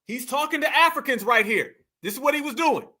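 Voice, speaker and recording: A man hosts reaction commentary in a very high, piercingly bright voice. He talks in an animated, slangy way and calls his viewers family. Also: brisk. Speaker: commentary host.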